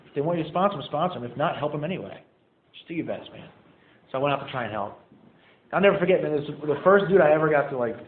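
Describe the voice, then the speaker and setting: A young man speaks to a meeting group about his own recovery, in a relaxed, chatty way that is full of "like" and "man." His voice echoes in the room and comes through a narrow, phone-like sound with faint noise behind it. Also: a little high. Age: young adult. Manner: casual, animated storytelling with "man" and "like". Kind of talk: personal story told to a group. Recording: echoey room over a tinny phone-like line.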